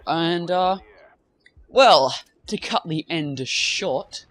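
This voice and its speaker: A young man with a fairly high voice tells a long, meandering story over his gameplay. He trails off into fillers and side remarks as he goes. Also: expressive, extremely slow, fairly bright tone, no echo. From half British. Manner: rambling, many fillers and asides. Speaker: gaming commentator.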